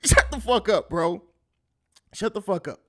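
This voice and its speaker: A man putting on the voice of a whiny young male sports fan who shouts and cries. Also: sits high, animated, measured pace. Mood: whining rage.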